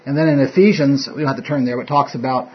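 A man's voice: mid-range voice, steady tone, fast, slight background noise. Rambling man teaching a Bible study. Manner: rambling, self-interrupting, chuckles often. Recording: dull lo-fi room recording.

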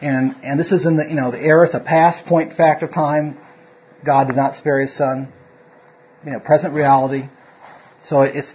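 A man's voice: a little high, little pitch movement, normal speed, husky. Rambling man teaching a Bible study. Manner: rambling, self-interrupting, chuckles often. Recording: dull lo-fi room recording.

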